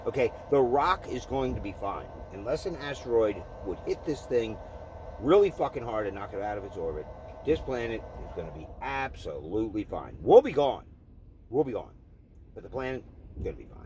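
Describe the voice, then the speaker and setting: A man's voice: medium pitch, very animated, brisk, darkish tone, a little hiss or hum. A man delivering an angry, profane political rant, heated and repetitive. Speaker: vlogger.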